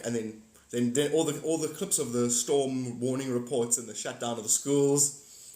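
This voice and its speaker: A man's voice: medium pitch, moderate pace, darkish tone, roomy sound. A man in his forties, hosting a casual livestream chat, rambling and repeating himself while greeting viewers by name. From South Africa. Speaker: livestream host.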